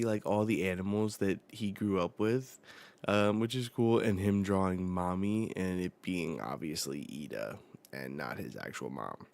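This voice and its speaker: A man hosting a casual live reaction while reading a manga chapter aloud. He talks in a relaxed, rambling way with many fillers. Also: deep voice, creaky.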